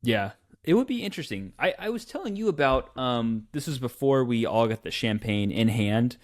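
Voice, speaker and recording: A young adult man co-hosting a podcast rambles through casual chat, restarting a lot and laughing at himself. His mid-range voice is expressive, at normal speed.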